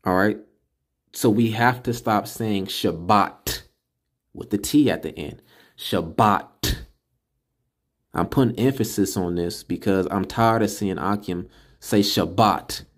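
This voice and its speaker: A man giving a casual screen-recorded lesson, slowly sounding out syllables and repeating words to drill them. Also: fairly low pitch. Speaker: religious teacher. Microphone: computer mic while screen recording.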